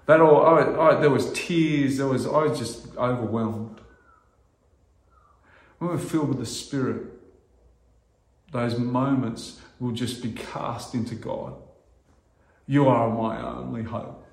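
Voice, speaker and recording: A middle-aged man preaching a sermon as pastor, earnest and halting, restarting phrases and rising to loud emphasis. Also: mid-range voice, reverberant.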